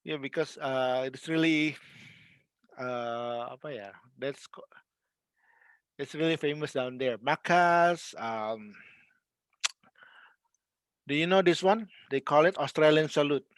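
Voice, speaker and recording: A man teaches an English class in a patient, chatty way, pausing on fillers. His voice sits fairly high and he takes his time with each example. The sound is close and dry. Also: clean tone, no room sound. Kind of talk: classroom lesson.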